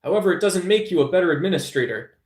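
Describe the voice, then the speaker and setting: A man with a somewhat high voice rambles to his live chat, preachy and loose, calling his listeners brother. He is recorded at home in a noticeably echoey room. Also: lively intonation, quick pace, a little mellow. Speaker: live stream host. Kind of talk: casual political rant to chat.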